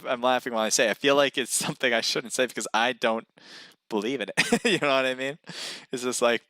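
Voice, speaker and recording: A man commentating a live esports match in a relaxed, chatty way, his voice at an ordinary middle pitch. He laughs easily and jumps up in excitement when players barely escape. A faint hiss sits under the voice. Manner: casual and chatty, laughs often and gets excited at close calls. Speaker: esports caster.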